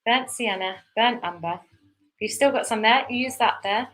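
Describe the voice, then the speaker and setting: Brief: young female art teacher, bright and fairly high voice, chatty, encouraging, leading a kids' painting class. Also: unhurried, low-quality recording. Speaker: painting instructor. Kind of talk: live step-by-step painting class for kids.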